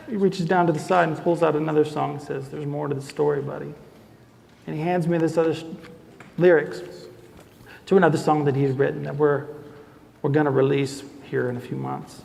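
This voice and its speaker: A young man with a fairly high, gravelly voice tells his story to a live audience. He is animated and acts out the people he quotes. His voice carries a long hall reverb. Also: fast talker. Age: young adult. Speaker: speaker. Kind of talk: storytelling talk.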